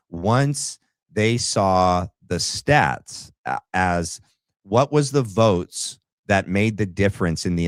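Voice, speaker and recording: Man, livestream host, very low voice, dry close sound, rambling casual commentary. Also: darkish tone, no room sound. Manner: talks to the chat with rambling asides.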